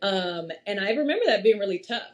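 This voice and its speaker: Woman guest, 30s, animated storyteller who laughs a lot, mid-pitched everyday voice. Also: a little fast, muffled recording. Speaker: podcast guest. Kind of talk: casual conversation.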